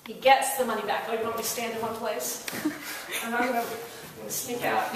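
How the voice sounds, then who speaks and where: A woman's voice: fairly high pitch, steady tone, normal speed, a crowd in the background. A woman law professor giving a public lecture, telling a story in a conversational, wry way, with fillers and restarts. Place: lecture hall. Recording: very echoey room, voice heard from a distance, faint noise.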